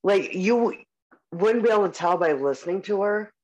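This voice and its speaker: This co-host, in their forties, has a mid-range, somewhat dark voice with lively intonation and a moderate pace. They ramble casually on a podcast, saying "like" and "um" a lot and swearing easily, all on muffled lo-fi audio.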